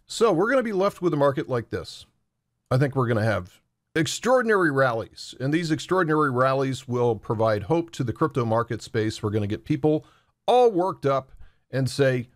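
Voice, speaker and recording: Animated man giving market commentary. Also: medium pitch, normal speed, dry recording, clean studio sound. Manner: conversational, animated, acts out traders' voices. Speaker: crypto market analyst. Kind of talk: market commentary over charts.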